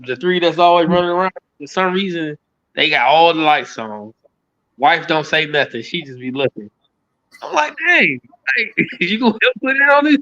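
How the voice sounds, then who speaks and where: Man in his 30s, podcast guest, a little higher voice, easygoing and chuckling, muffled lo-fi sound. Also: fairly bright tone, dry recording. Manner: easygoing, chuckling, rambling anecdotes. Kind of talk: casual chat. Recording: slightly muffled lo-fi audio.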